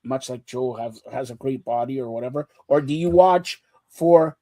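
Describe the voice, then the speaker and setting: A man with a mid-range voice talks at normal speed while hosting a casual sports chat show. Animated and teasing, he ribs his co-hosts and talks over them.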